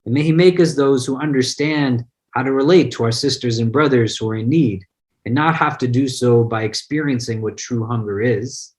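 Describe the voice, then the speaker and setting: A man's voice: mid-range voice, moderate pace, a little mellow. A man, an imam, giving a conversational online religious lesson, explaining word meanings and mixing in personal anecdotes. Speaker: imam teaching an online class.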